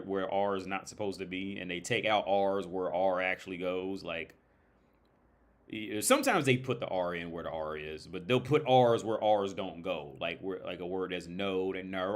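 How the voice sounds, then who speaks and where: American man, very low voice, casual livestream chat, rambling, swears a lot. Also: moderate pace. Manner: rambling, swearing, frequent restarts.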